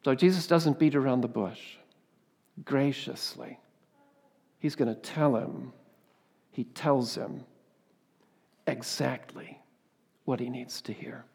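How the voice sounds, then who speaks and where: A male pastor delivers a sermon in an ordinary mid-range voice. He builds to loud, fervent emphasis, then drops to hushed asides, and often tags his points with rhetorical questions. His voice rings out with a long reverb through a church hall. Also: mid-range voice, takes it slowly, long pauses, husky. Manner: rhetorical tag questions and repeated exclamations.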